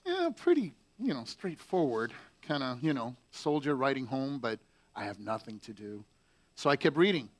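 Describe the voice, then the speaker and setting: A man's voice: medium pitch, sing-song, normal speed. A male pastor, telling a story in a conversational sermon that drifts off with filler words.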